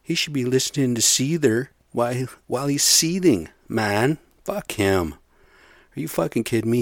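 A man's voice: medium pitch, brisk, no room sound, clean studio sound. A man hosting a solo podcast, ranting in a profane, rambling, heated way from his bedroom. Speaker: podcast host.

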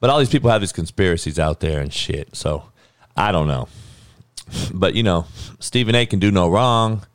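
Heated male podcast host with a lowish voice: blunt, profane opinion rant with a dry, close sound. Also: lively intonation, normal speed, dry recording.

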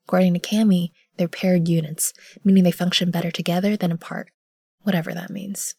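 Woman narrating in a low hush. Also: little pitch movement, gravelly, husky, no echo. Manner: measured, often hushed narration. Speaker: narrator and lead character. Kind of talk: first-person audio drama narration.

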